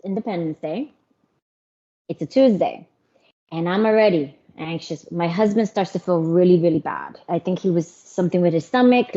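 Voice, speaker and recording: A middle-aged woman telling her personal story as an interview guest, candid and animated. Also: lowish voice. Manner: candid, animated, mimics others. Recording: muffled lo-fi audio.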